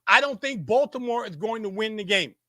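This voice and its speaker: A man's voice: high-pitched, animated, a little fast, sharp tone, dry recording. A man hosting a sports show, arguing heatedly, repeating himself and restarting his sentences. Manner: insistent, repetitive, stammering restarts. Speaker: show host. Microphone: facing a camera.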